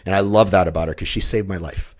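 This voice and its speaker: A man's voice: low voice, steady tone, quick pace. Blunt, profane man in his fifties. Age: 50s. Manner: blunt, heavily profane, intense. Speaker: podcast guest. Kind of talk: emotional personal storytelling.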